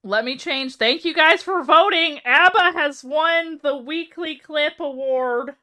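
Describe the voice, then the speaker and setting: A woman's voice: high voice, takes it slowly, sharp tone. A woman streamer in casual live-stream chat, wry and self-mocking, often breaking into laughter.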